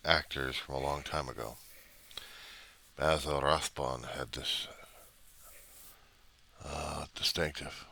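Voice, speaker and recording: Very deep-voiced rambling man. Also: sharp tone. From United States. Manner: meandering, trailing off, mild cursing. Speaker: video diarist. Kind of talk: rambling personal video diary.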